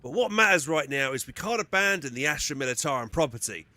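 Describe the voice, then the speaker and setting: A man doing a gruff cynical soldier. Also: fairly high pitch, animated, fast, sharp tone, dry recording, voice pushed up. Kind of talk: reading game dialogue aloud in voices.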